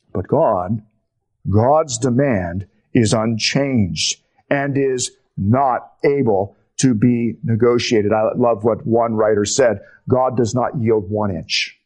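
A man preaching a sermon slowly and emphatically, his voice dropping low on key words. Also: a little mellow. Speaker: pastor.

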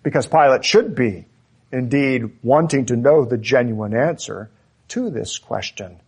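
A man preaching an expository sermon, emphatic and deliberate, repeating key phrases for stress. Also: mid-range voice, a little mellow, breathy edge.

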